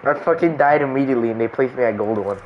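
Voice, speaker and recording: A man's voice: mid-range voice, racing, lo-fi sound, noisy background. A young man streaming a game, chatting casually with friends, laughing often and swearing in joking banter. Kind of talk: casual gaming chat with friends.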